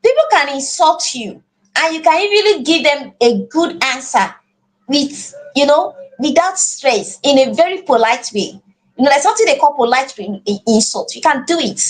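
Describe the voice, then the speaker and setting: Nigerian woman teacher, high animated voice, earnest, repeats words mid-thought. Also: normal speed. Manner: earnest, repeats words while finding phrasing. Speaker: parenting class teacher. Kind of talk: live online class.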